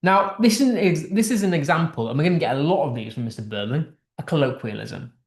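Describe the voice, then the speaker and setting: A man from the United Kingdom teaches English literature in a relaxed online lesson, going through a text line by line. His voice is fairly high with lively intonation and a fast pace, and he chats freely, restarting sentences, in an echoey room.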